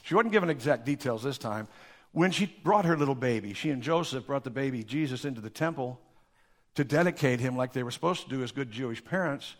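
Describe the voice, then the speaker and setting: A man preaching a sermon, telling Bible stories in a folksy, animated way with acted-out quotes. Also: medium pitch. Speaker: pastor.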